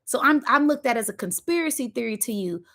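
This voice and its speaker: A woman delivers a spiritual pep talk in a fairly high voice. She preaches with emphasis, stacks repeated phrases and slips into slang. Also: animated, quick pace, a bit bright. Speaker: spiritual channel host. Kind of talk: motivational spiritual monologue.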